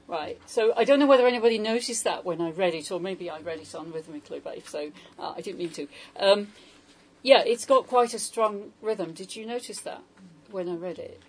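A woman's voice: fairly high pitch, a little hiss or hum, rough recording. A woman translator giving an informal talk on poetry to a small audience, hesitant and full of questions to the room. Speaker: poetry translator leading a salon.

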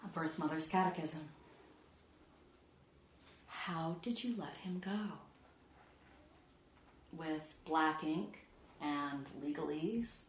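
Slow, hushed woman reading poems. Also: low-pitched, slight background noise. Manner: measured, soft, often dropping to a hush. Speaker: poet reading her own work. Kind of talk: poetry reading to an audience. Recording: echoey room.

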